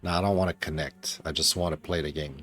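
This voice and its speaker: A man's voice: a bass voice, steady tone, fast talker, a bit bright, soft background music. A tired man streaming himself playing games, chatting to viewers, often muttering to himself, with bursts of swearing frustration. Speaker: game streamer. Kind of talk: casual live-stream commentary.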